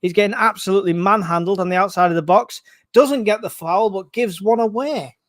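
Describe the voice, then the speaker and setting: Excitable male fan commentator, close and dry. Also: sits high, brisk, dry recording. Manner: excitable, casual, groans and swears at play. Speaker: fan channel match commentator. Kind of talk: live fan match commentary.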